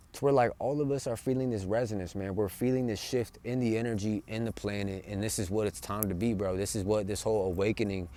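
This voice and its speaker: Speaking from outdoors in nature, a young spiritual vlogger gives his viewers an impassioned, profane monologue, calling them bro and man. His voice is fairly low and a little mellow.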